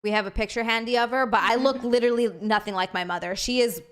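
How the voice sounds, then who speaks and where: Perempuan muda bersuara nyaring ini menjadi co-host sebuah obrolan santai. Ia cerewet, cepat menanggapi, dan suka menggoda lawan bicaranya. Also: female voice, on the high side, fairly even intonation, fast talker, clear, resonant tone. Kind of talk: casual chat.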